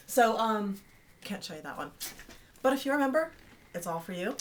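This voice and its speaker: A woman's voice: on the low side, lively intonation, quick pace, slight background noise. Chatty, playful woman vlogger. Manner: chatty and playful, teasing asides. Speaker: video newsletter host. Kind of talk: casual vlog to fans.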